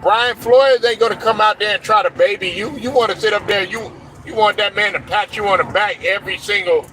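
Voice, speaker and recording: A man's voice: sits high, a little fast, crowd noise, rough recording. Blunt, profane man ranting about sports. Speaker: sports commentary host. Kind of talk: opinionated sports rant.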